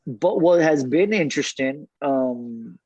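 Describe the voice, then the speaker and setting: A man talks from his car as an interview guest, animated and laughing often, often repeating his words. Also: fairly high pitch, slow pace, slightly rough, dry recording. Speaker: cigar brand founder, guest. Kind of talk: casual interview chat. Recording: dull dry remote call audio.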